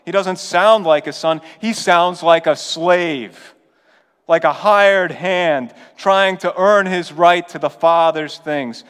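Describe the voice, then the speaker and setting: A pastor preaching a sermon in an earnest, conversational way with urgent appeals. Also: male voice, fairly high pitch, takes it slowly, fairly bright tone, clear, resonant tone, long reverb tail. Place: church.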